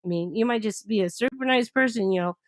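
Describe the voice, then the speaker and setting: A woman guest telling a personal story in an interview, animated and often laughing as she talks. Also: a little high, quick pace, no echo.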